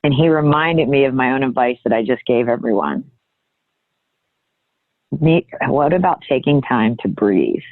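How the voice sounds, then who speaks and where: A woman guest telling a personal story in an earnest, halting way, often restarting her sentences. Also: a bass voice, lively intonation, no room sound. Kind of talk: candid reflective storytelling. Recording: thin phone-like audio.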